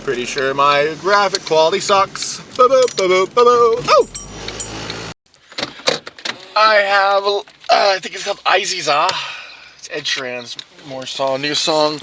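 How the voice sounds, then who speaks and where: A man vlogging from his car in a parking lot, ranting sarcastically and swearing, breaking into mocking high yells. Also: expressive, unhurried, long pauses, noisy background. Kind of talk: casual vlog ranting while driving.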